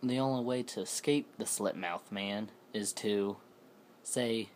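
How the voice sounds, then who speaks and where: Male storyteller, casual and rambling, with a deep, unhurried delivery. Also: slight background noise. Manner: rambling, self-correcting. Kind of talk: casual spoken scary story.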